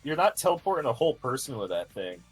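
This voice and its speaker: A man's voice: medium pitch, fast, over music. A man chatting as a guest on a livestream, enthusiastic and casual. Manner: enthusiastic, lively. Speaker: co-host, guest on stream.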